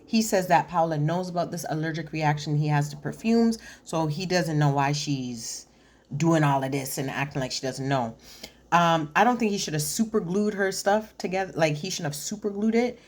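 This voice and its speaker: A young woman with a low, deep-set voice talks through a reality show episode in a loose, rambling way. She fills her recap with "like" and "you know" and slips into the cast's voices as she retells their arguments. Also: normal speed, darkish tone. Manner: chatty, filler-heavy retelling with acted-out quotes. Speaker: reality TV commentator. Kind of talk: casual recap commentary.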